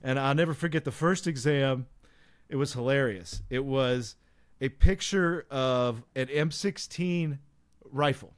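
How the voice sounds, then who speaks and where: A man co-hosting a podcast, telling a casual, animated story with laughs. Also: medium pitch, unhurried. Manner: animated, laughing anecdote teller. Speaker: podcast co-host.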